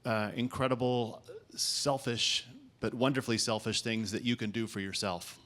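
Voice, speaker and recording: A man, an invited speaker, opens his town hall speech graciously and haltingly. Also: mid-range voice, steady tone, a bit bright. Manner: gracious and halting, many fillers. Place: conference event.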